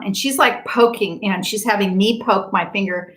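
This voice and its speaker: Animated woman telling a story. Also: mid-range voice, normal speed, few pauses, poor audio. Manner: animated, acts out quoted speech; chatty, many fillers. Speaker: quantum healing practitioner. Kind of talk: casual storytelling monologue.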